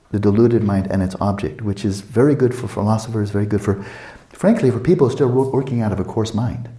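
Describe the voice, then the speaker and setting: Older male dharma teacher, mellow tone, roomy reverb, casual teaching. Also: medium pitch. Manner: conversational, playful asides with acted quotes. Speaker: meditation teacher. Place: retreat teaching hall.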